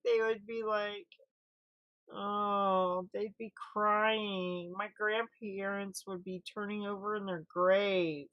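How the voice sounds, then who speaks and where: Slow-talking, exasperated woman host. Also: mid-range voice, fairly bright tone. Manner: rambling, with many fillers and restarts; exasperated, incredulous asides. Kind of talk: casual news commentary.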